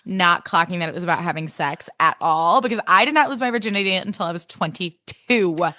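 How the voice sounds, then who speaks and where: A woman's voice: fairly low pitch, brisk, pushed and bright, dry recording, clean studio sound. A woman in her thirties hosting a podcast, talking in a chatty, giggly way with lots of "like". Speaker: podcast host. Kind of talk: casual podcast chat.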